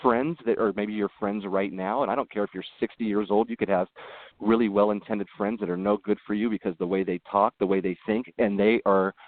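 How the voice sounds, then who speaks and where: Earnest low-voiced man on a tinny line. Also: a little fast, no room sound. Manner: earnest, animated storytelling with frequent restarts. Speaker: podcast guest. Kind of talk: casual interview conversation.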